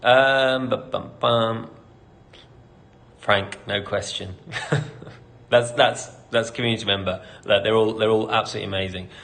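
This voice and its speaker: A man's voice: lowish voice, steady tone, normal speed, fairly bright tone. A British man, a company CEO, hosting a casual live Q&A, reading out questions and answering candidly with lots of ums and light laughter.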